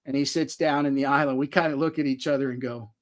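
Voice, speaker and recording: A man's voice: mid-range voice, fairly even intonation, quick pace. A man, likely in his forties, telling rambling self-deprecating stories as a guest on a video call. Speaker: author guest. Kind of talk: casual storytelling on a live chat.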